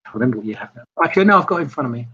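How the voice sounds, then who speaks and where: Husky man running a game. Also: medium pitch, animated, rapid-fire, a bit bright, highs cut off. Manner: loose, rambling description with many fillers. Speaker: game master. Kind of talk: narrating a tabletop game.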